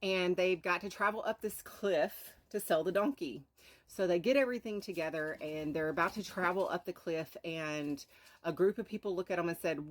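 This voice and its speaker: A woman's voice: fairly low pitch, moderate pace. A woman hosting a live stream, earnestly telling a moral story and sprinkling in rhetorical "right?"s. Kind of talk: inspirational storytelling talk.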